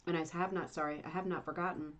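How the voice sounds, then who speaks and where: A woman's voice: lowish voice, fairly even intonation, quick pace. A middle-aged woman hosting a casual livestream chat from home, chatty, rambling and self-deprecating. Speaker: livestream host. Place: home, Indiana.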